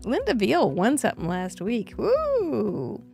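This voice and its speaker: Lively upbeat woman hosting a craft show. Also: sits high, unhurried, faint music behind. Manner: upbeat, laughs often. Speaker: host. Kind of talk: live craft show chat, reading out names.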